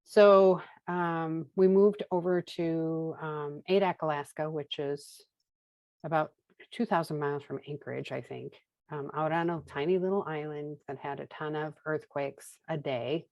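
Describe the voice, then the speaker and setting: A woman's voice: deep voice, fairly even intonation, a little slow, dry recording, muffled recording. A woman in her fifties from Minnesota, candidly telling her recovery story as a guest, with wry humor and acted-out dialogue. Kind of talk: casual personal storytelling.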